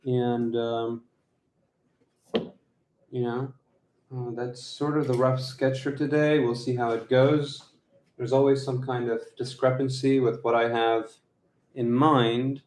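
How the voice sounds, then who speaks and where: Man vlogging at home, mid-pitched, slow rambling delivery. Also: level tone, a little mellow, reverberant. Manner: slow, rambling, with fillers and laughs. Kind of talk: casual vlog talk. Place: his apartment. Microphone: phone camera.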